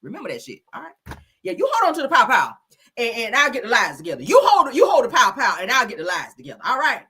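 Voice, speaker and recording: A woman hosts casual commentary, loose and profane, breaking into laughter and acting out the people she talks about. Her voice is bright and somewhat husky. Her pitch swings widely. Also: fast talker. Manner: animated, profane, laughing, mimics others. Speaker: commentary channel host. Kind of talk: casual talk-show commentary.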